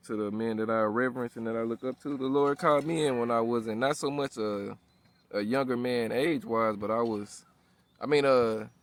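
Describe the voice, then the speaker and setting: Slangy preacher man, mid-pitched. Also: vocal fry. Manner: slangy, profane, repeats "all right?" and "you know what I'm saying?". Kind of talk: casual street-style sermon.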